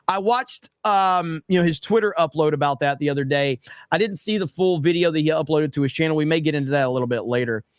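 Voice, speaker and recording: Man, livestream chat reader, fairly high voice, blunt and profane, dry close recording. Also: dry recording. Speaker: streamer reading live chat. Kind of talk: casual livestream commentary.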